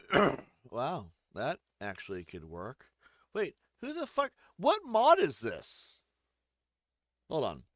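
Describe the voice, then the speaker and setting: A man's voice: fairly low pitch, dry recording, studio quality. A man giving rambling, joking, profane let's-play commentary while playing a game. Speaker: gaming streamer.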